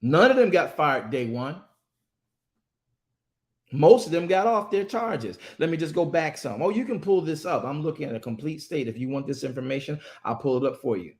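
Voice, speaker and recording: A man's voice: a little high, animated, normal speed, darkish tone. A man from a ministry giving impassioned commentary, emphatic and repetitive, often stammering as he restarts phrases. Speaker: ministry speaker.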